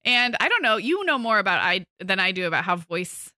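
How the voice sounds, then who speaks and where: Bright-voiced chatty woman podcast host. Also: mid-range voice, sing-song, fairly quick, no room sound, clean studio sound. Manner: chatty, with fillers and restarts. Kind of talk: casual chat.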